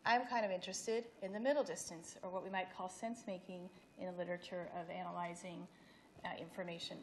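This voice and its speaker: A woman's voice: lowish voice, steady tone, fairly quick, a little hiss or hum. Woman giving an academic talk. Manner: explanatory, with restarts and slide references. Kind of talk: academic presentation. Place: event hall.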